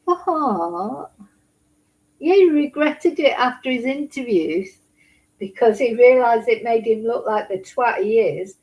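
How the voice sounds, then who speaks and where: A woman's voice: a little high, lively intonation, takes it slowly, dull audio. A woman giving blunt, indignant casual commentary on a trial report, swearing now and then. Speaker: true crime commentator.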